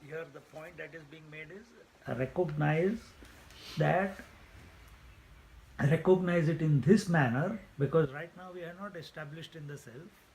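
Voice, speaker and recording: Gravelly spiritual teacher. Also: male voice, a little high, unhurried, a little mellow, poor audio. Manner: playful, laughs at his own jokes; emphatic repetition. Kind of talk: Vedanta discourse.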